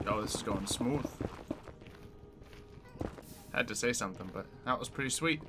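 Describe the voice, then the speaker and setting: This streamer has a mid-range voice and talks at a moderate pace amid heavy background noise and music. While playing, he rambles to chat between tasks in an easygoing, meandering way.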